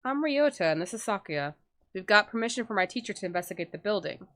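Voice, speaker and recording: A woman's voice: medium pitch, animated, fast, fairly bright tone, close to an everyday voice. A woman voicing a polite, eager young male student in a game, speaking in an apologetic way over music. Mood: earnest.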